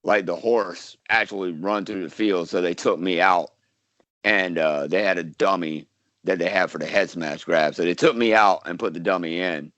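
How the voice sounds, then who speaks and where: A man's voice: sits low, normal speed, fairly bright tone, no room sound. A man from South Carolina, an actor guest chatting casually in an interview, rambling with lots of fillers and restarts. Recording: dull lo-fi dry sound.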